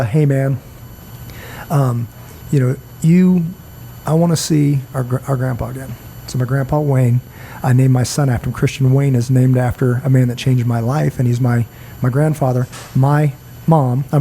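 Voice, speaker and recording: A man's voice: medium pitch, warm tone. Earnest man telling a rambling story. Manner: rambling, earnest, acts out quoted dialogue. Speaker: podcast host. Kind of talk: casual storytelling chat. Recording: faint background noise.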